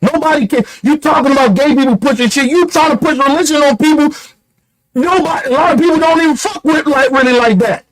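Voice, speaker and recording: High-voiced man ranting bluntly. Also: quick pace, low-quality recording. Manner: blunt, profane and emphatic, with repeated rhetorical questions. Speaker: online commentator. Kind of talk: heated political rant.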